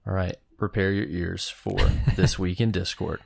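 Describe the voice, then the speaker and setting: Low gravelly male podcast co-host. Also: little pitch movement, measured pace, a little mellow. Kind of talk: casual chat.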